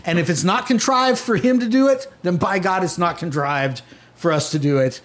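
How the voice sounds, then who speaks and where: A man with a fairly high voice running a tabletop game, narrating scenes in a relaxed, halting way. He fills his pauses with "um" and "like" as he sets the scene. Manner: casual, hesitant, many fillers. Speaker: game master.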